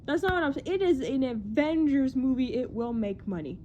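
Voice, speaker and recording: Young woman, casual vlog chat, excitable, rambling, self-deprecating, faint background noise. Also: high-pitched, brisk, muffled recording. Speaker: movie news YouTuber.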